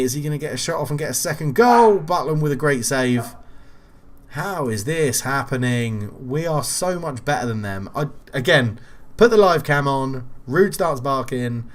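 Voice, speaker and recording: A young man commentating on his own football management game, casual and quick to rant and swear when frustrated. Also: mid-range voice. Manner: exasperated, ranting at the game, swears. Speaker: gaming channel host.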